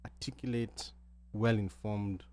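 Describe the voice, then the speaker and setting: A Kenyan man with a fairly low voice speaks on a panel talk show. He talks in a loose, halting way, often restarting his sentences as he tells his story. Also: fairly even intonation, darkish tone. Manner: halting, many restarts, switches between English and Swahili. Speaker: guest.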